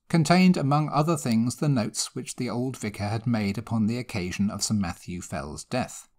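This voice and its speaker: A man reading a classic ghost story aloud, in a measured, expressive storytelling manner. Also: medium pitch. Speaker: narrator. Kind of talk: scripted narration of a ghost story.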